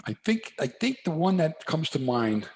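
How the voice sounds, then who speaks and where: A man's voice: a little high, normal speed, a little hiss or hum. An older man from New Jersey, a podcast guest, telling a story and acting out both sides of the talk. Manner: animated storyteller acting out dialogue. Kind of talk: casual storytelling interview.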